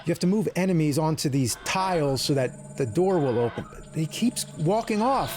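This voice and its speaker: A man giving a comedic retro game review, swearing loudly and exasperated at the game. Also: a little high, lively intonation, moderate pace, a little hiss or hum. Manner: foul-mouthed, exasperated outbursts.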